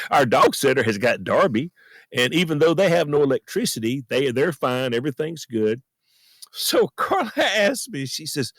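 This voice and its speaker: Lively-voiced man in a dead closet. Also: mid-range voice, a little slow, no echo. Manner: earnest, folksy, self-deprecating. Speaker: podcast host. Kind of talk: personal storytelling monologue. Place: friend's closet at home.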